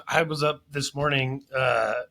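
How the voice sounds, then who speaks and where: A man's voice: medium pitch, steady tone, measured pace, bright, forceful tone. A man hosting a podcast interview, chatting casually and enthusiastically, tying what he hears back to his own daily life. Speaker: podcast host.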